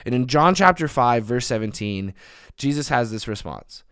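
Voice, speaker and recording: A man's voice: medium pitch, animated, normal speed, a bit bright, clear, resonant tone, dry recording, studio quality. A young man preaching a sermon, earnest and emphatic, building on repeated phrases.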